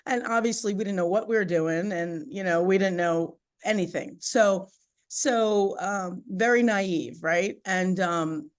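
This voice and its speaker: A woman's voice: medium pitch, unhurried. Chatty woman telling a personal story. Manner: animated, chatty, laughs often, many "you know" and "right?" fillers. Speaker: podcast guest.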